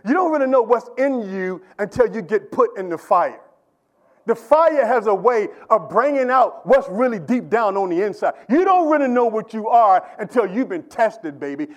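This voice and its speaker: A man with a strikingly high-pitched voice delivers a sermon from the pulpit of a church. He starts out conversational, then builds into emphatic, repetitive preaching, pressing his congregation with questions. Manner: rising into emphatic preaching with repeated calls to the congregation. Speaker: pastor.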